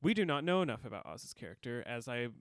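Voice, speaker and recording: A man's voice: mid-range voice, big pitch swings, quick pace, clear, resonant tone, no room sound, clean studio sound. A man co-hosting a podcast, chatting casually and animatedly as he recaps a TV episode, laughing often and quoting the characters. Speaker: podcast co-host.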